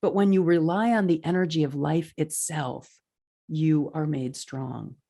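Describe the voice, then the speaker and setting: Earnest woman podcast host, low voice. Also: unhurried. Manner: earnest, animated storytelling with lively pitch swings. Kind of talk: inspirational podcast monologue.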